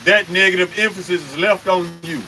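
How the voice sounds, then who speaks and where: A man's voice: high-pitched, fairly quick, sharp tone, a little hiss or hum, rough recording. A man preaching on a live stream, emphatic and confrontational, firing off rhetorical questions and cursing.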